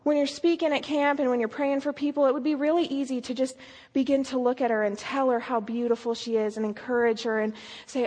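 A woman's voice: high voice, steady tone, brisk, hardly any pauses, darkish tone. A woman giving an earnest sermon, telling a story and asking emphatic questions. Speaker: speaker. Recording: long hall reverb.

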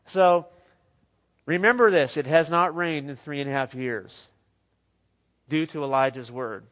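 A man preaching a sermon in a lively, conversational way with joking asides. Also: fairly high pitch, measured pace.

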